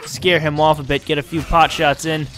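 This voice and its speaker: A man giving excitable, exasperated gameplay commentary and laughing often as he plays. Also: a little high, normal speed, background noise. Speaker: let's play host.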